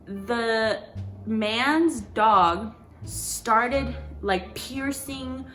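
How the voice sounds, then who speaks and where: A young woman vlogger telling a story in a casual, animated way, packed with fillers and swearing. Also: a little high, extremely slow, soft background music.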